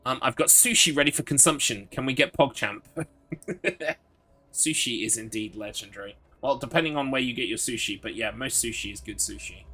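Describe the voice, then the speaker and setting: A man's voice: mid-range voice, normal speed, pushed and bright, slightly rough, soft background music. A man streaming a game live, chatting in an upbeat way, reading chat aloud and laughing often.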